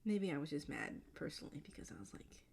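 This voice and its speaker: A chatty young woman rambles casually, her voice low-key and mellow with a gravelly fry running through it. She laughs often, leans on filler words, and now and then drops into a hushed whisper. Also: sing-song, fast talker. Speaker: vlogger. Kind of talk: casual chat while drawing.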